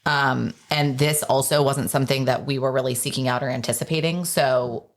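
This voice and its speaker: Low-voiced woman guest, candid. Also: steady tone, moderate pace. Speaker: guest, returning homebuilding customer. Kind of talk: casual podcast chat.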